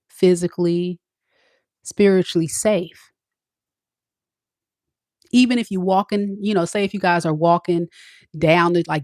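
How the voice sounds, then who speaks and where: A woman's voice: lowish voice, a little mellow, dry recording, clean studio sound. A woman, a tarot reader giving blunt, preachy love advice straight to the women watching. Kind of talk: direct-to-camera advice talk.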